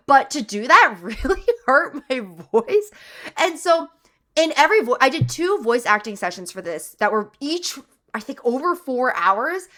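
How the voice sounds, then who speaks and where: A woman's voice: sits high, sing-song, a little slow, bright, forceful tone. A young woman voice actor chatting animatedly as she reacts to her show and acts out lines. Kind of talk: casual reaction commentary.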